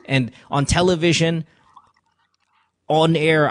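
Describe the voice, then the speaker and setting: A man's voice: fairly high pitch, fairly even intonation, a little slow. A man hosting a call-in podcast from a studio, talking earnestly and confessionally, repeating himself as he gives advice. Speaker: podcast host. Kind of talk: emotional call-in advice talk. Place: radio studio.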